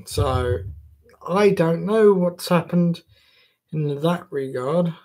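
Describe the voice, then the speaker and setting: A man's voice: fairly high pitch, slow, darkish tone. A man chatting casually to viewers on a live stream, jokey and swearing freely.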